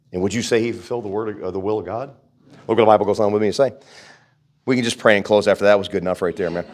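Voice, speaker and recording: A man preaching a sermon in a folksy, conversational way, with jokes and asides, reading scripture aloud and praying. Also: fairly low pitch. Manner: reads scripture aloud and prays. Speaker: pastor.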